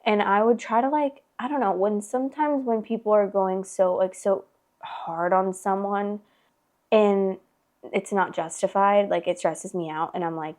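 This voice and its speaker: A woman's voice: medium pitch, steady tone, unhurried, a little mellow. A young woman in her twenties hosting a podcast, telling a personal story in a casual, chatty way, with lots of "like" and frequent swearing. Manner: chatty, heavy filler "like", swears freely. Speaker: podcast host.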